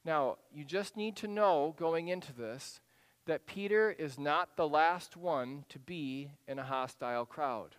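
A man preaching a sermon, telling a story with drama, dropping to a hush and then rising to act out voices. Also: fairly high pitch, measured pace, smooth, big-room sound. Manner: dramatic storytelling, drops to a hushed voice then rises to animated acted-out lines. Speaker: pastor.

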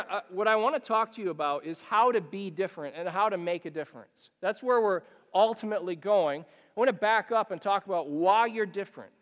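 A man preaching as a pastor, emphatic and repetitive, with dramatic pauses. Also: high voice, fairly bright tone, big-room sound. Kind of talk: sermon.

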